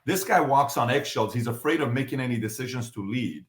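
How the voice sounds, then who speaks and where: A man's voice: mid-range voice, lively intonation, brisk, a bit bright, reverberant. A man hosting a podcast, talking emphatically and firing off repeated rhetorical questions. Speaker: podcast host. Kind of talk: animated podcast commentary.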